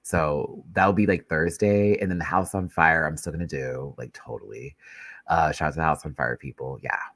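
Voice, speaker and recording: A man's voice: extremely low pitch, steady tone, moderate pace, a bit bright, no room sound. A man hosting a live YouTube stream in a loose, chatty way, stuffy with a head cold and swearing freely as he rambles. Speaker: YouTube recap host. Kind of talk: casual live-stream chat.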